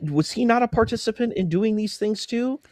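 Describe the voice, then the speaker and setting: Exasperated man with a higher voice. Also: moderate pace, no room sound, studio quality. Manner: animated, exasperated. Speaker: guest. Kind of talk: casual livestream chat.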